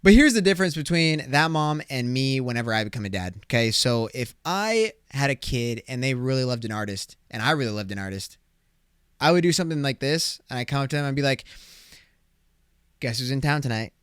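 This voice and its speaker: Animated, cursing male podcast host. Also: mid-range voice, a little fast, smooth, dry recording, studio quality. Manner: animated, swearing, acts out exaggerated imagined dialogue. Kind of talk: casual solo podcast, reacting to clips.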